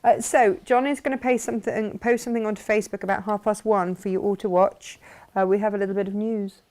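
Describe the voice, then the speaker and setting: A woman's voice: medium pitch, fairly even intonation, fast, a little mellow. A woman co-hosting a live crafting show, reading out viewer comments and chatting cheerfully. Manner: cheerful, reads comments aloud, laughs easily. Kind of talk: casual chat.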